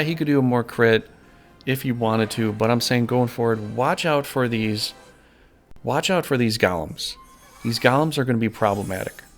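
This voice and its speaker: Man, gravelly voice, middle pitch, rambling folksy game commentary, faint music behind. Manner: rambling, folksy, self-correcting. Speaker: gameplay commentator. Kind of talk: casual strategy commentary over gameplay.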